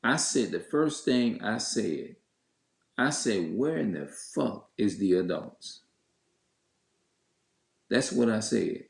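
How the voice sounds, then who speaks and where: A man's voice: deep voice, sing-song, unhurried, vocal fry. A man telling viewers a story in a heated, cursing rant, stopping and restarting often. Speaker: vlogger. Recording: echoey room.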